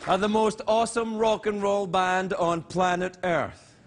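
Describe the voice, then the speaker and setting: A man's voice: high voice, steady tone, a little slow, some chatter behind, slight background noise. A man hosting a late-night talk show, joking and teasing as he reads viewer mail. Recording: live studio audience laughter.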